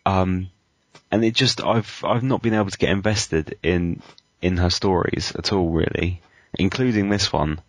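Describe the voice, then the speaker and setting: A man with a very deep voice, recorded dry and close. He talks through his critical opinions hesitantly, with frequent ums and uhs. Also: measured pace, dry recording. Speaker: podcast co-host. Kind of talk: casual chat.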